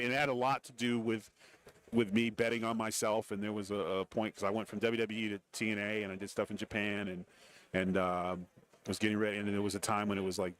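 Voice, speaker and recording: Middle-aged male guest, low-pitched and quick, lively anecdotes with impressions. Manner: animated storyteller, acts out quoted voices. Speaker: guest, former wrestler and TV commentator. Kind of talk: casual interview storytelling. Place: radio row broadcast booth.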